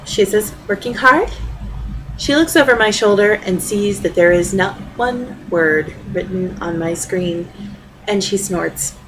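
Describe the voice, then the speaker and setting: A middle-aged woman reading her own personal essay aloud, with a wry, deadpan storytelling manner. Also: lowish voice, noisy background.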